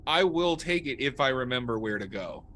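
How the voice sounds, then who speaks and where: A man's voice: medium pitch, animated, normal speed, fairly bright tone, slight background noise. A man playing a tabletop horror game, joking around and stammering when his character is scared. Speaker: player. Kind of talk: casual tabletop play.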